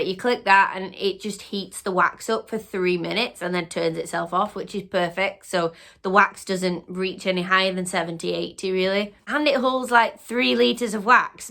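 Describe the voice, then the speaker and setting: Bright-voiced chatty woman. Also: mid-range voice. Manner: chatty and upbeat, often restarting sentences. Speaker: small business owner and channel host. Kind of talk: casual chat to camera.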